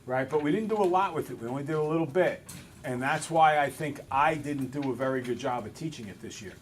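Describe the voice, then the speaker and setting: A male math teacher in a classroom, relaxed and a little self-deprecating, talking through each step aloud. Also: medium pitch, a little fast, a little hiss or hum. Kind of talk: classroom lesson. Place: school classroom with students.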